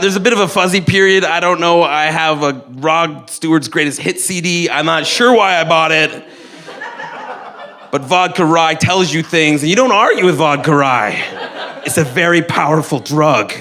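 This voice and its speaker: A man's voice: fairly high pitch, fairly bright tone. A young man telling a funny story on stage at a live storytelling night, rambling and mocking himself, with many restarts. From Canada. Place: live storytelling event in a venue.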